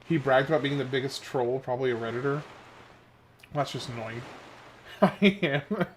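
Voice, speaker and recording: A man's voice: mid-range voice, moderate pace, slight background noise. A man from Oklahoma with a Southern accent, streaming a game and chatting casually with his viewers on a headset mic, laid-back and often chuckling. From Oklahoma, USA. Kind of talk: casual live-stream chat while playing.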